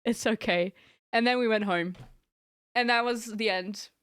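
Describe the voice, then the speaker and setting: A woman's voice: a little high, steady tone, moderate pace, a bit bright, smooth, no echo. Giggly young woman streamer, dry sound. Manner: giggly, rambling storytelling. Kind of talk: casual chat with stream viewers.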